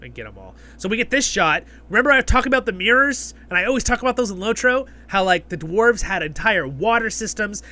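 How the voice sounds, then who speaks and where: A man hosting a casual episode review, excitable and geeky, retelling scenes with lots of asides. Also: sits high, a little fast, hardly any pauses. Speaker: host of a review channel.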